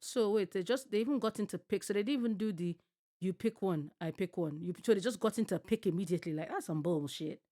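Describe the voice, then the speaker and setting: She talks fast in a mid-range voice, barely pausing at all. It's night at home, and the streamer is reacting to a TV show, swearing and ranting at the screen in an animated, casual way.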